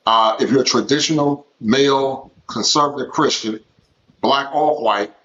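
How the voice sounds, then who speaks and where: A man's voice: medium pitch, measured pace, a bit bright. Emphatic man on lo-fi stream audio. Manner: emphatic, repeats words and phrases. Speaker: guest. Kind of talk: casual live-stream chat.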